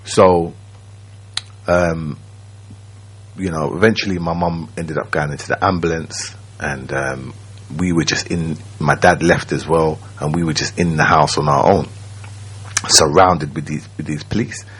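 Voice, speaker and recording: A man, telling his own story as a radio guest in a slow, reflective way, often checking that the listener follows. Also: a bass voice, fairly even intonation, fairly bright tone, breathy edge. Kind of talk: personal storytelling. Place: radio studio.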